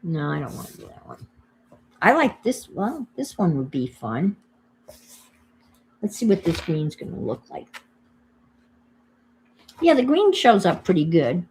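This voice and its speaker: A woman's voice: on the low side, big pitch swings, unhurried, pauses often, a little mellow, a little hiss or hum. An older woman with a New York accent, chatting casually to viewers on her crafting livestream while she works. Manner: chatty, thinks aloud while working, greets viewers.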